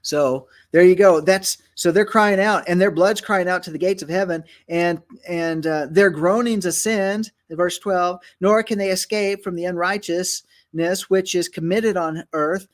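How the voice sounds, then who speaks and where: A ministry host and Bible teacher leads a conversational teaching broadcast in a high, slightly slow voice with hardly any pauses. He thinks aloud, full of fillers and restarts, and reads scripture aloud.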